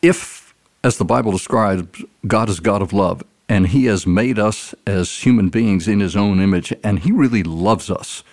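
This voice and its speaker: A man as a podcast guest, explaining ideas and telling a story in an earnest, animated way. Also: lowish voice, moderate pace. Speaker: guest speaker. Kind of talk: casual storytelling in an interview.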